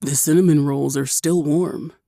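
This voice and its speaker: A woman voicing a somber male dragon lover, speaking low, slow and quietly with calm, smug teasing. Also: creaky, dry recording, clean studio sound.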